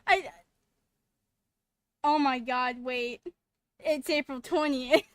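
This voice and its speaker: High bright excitable young woman, casual game streamer. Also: takes it slowly, smooth. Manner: excitable, rambling, laughs often. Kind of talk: casual let's-play chat.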